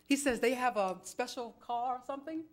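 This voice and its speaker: A woman's voice: on the high side, fairly quick. A woman from New York giving a chatty, dramatic public comment at a city council meeting, acting out both sides of each conversation. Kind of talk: animated storytelling at a council meeting. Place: council chambers.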